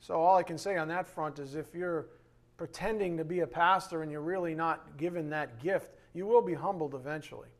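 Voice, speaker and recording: A man with a high voice teaches a bible lesson from a board. He is emphatic and leans on key words. He slows down to read scripture and drops his voice low for quiet asides.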